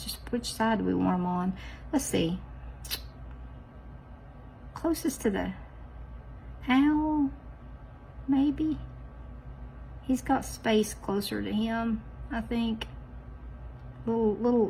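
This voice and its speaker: Gravelly woman chatting while crafting. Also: medium pitch, a little slow, long pauses, warm tone, slight background noise, low-quality recording. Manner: chatty, self-teasing, talks straight to viewers. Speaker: nail art vlogger. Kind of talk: casual chat while doing nails.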